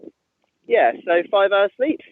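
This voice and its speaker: A man's voice: high-pitched, very animated, measured pace, slight background noise. A man calling in by phone while walking through fields, out of breath, weary and wryly self-mocking. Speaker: ultrarunner calling in. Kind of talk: casual phone update. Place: outdoors in overgrown fields. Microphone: phone line. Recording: tinny dry phone line.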